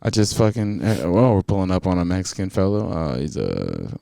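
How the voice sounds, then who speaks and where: A young man co-hosting a podcast, talking in a relaxed, slangy way with frequent swearing. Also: low-pitched, a little fast, gravelly, no echo, clean studio sound. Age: young adult. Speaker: podcast co-host. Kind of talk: casual chat.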